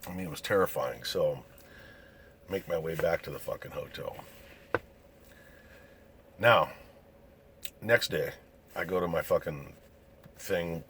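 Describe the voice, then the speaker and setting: Deep-voiced man telling a profane story. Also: measured pace, pauses often, a little hiss or hum. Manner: profane, swears constantly; animated, acts out quotes of other people. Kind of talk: casual true-story storytelling.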